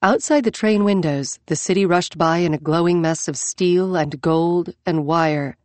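Low-voiced woman narrating a novel. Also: measured pace, darkish tone, no echo. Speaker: audiobook narrator. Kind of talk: scripted narration.

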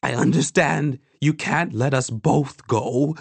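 A male narrator voicing an urgent, protective young woman who shouts commands. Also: medium pitch, slow, creaky, slightly rough, no room sound, voice pushed up, exaggerated voice. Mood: firm.

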